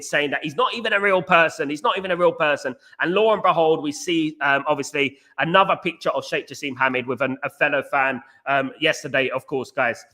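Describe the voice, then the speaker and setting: A man's voice: on the high side, bright, forceful tone. A man hosting a casual football fan live stream, passionate and repetitive, often speaking straight to his viewers. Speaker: podcast host.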